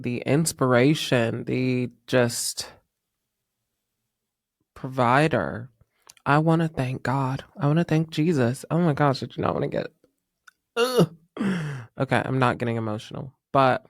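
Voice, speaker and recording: A man's voice: mid-range voice, no echo, studio quality. A man, chatting emotionally and laughing as host of his solo podcast. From North Carolina. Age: 30s. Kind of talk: casual solo podcast chat.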